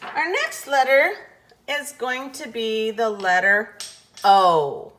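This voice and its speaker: A woman teaching letter sounds in a slow, patient phonics lesson, carefully over-enunciating each sound. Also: a little high, expressive, background noise.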